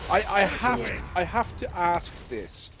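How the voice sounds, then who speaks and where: Lively man chatting while gaming. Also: sits high, a little slow. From United Kingdom. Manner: teasing, animated storytelling. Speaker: streamer. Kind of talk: casual chat while gaming.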